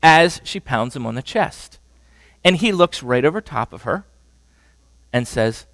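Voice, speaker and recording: A man's voice: on the high side, expressive, moderate pace, fairly bright tone, no room sound. A man giving a conversational sermon on marriage, often checking in with the audience. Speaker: preacher teaching on marriage.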